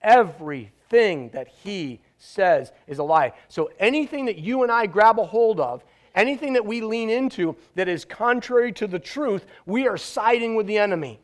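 High-pitched guy preaching, chatty but emphatic, pauses for effect. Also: expressive. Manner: emphatic, conversational, with dramatic pauses. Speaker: pastor. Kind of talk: sermon.

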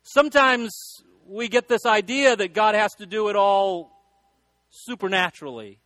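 Guy preaching, kinda high voice, folksy and rambly, dry sound. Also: a little slow, pushed and bright, dry recording. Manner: folksy storytelling with repeated restarts. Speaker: pastor. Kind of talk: sermon.

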